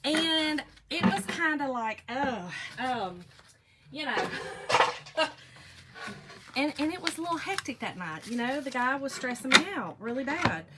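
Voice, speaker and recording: A rambling, talkative woman chats to her viewers as "y'all" while crafting on a live stream. Her voice sits a touch high, and clear clicking noises sound behind her as she works. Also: sing-song, unhurried, very noisy.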